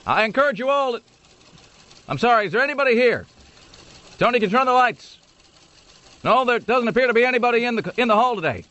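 A forlorn speaker, put on by a man, calls out into a deserted hall in a high, thin voice that sounds far from the mic. The delivery is lively and quick. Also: highs cut off, full character voice.

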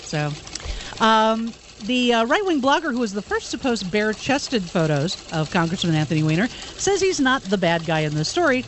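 A man's voice: high-pitched, sing-song, moderate pace, a bit bright, slight background noise. A man reading the news on a talk radio show, matter-of-fact with dry quips between items. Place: radio studio.

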